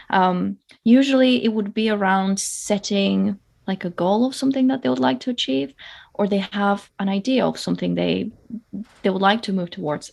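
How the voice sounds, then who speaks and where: Female coach guest, mid-pitched with strong vocal fry, measured and thoughtful. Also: a little mellow. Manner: thoughtful, explains with hesitations. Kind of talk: casual conversation.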